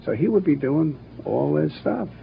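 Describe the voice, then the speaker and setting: Older man with a gravelly voice reminiscing. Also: on the high side, very animated. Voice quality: brisk, anecdotal, acts out quotes. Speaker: cartoon producer and director. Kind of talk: interview, reminiscing. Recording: dull archival recording with faint hiss.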